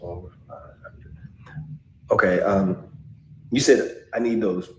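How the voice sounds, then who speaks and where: A man's voice: low voice, fairly even intonation, takes it slowly, a little hiss or hum. A man acting as an evasive client in a skit, hesitating with many ums while talking to his divorce lawyer. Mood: hesitant. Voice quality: hesitant, full of ums and uhs. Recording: roomy echo.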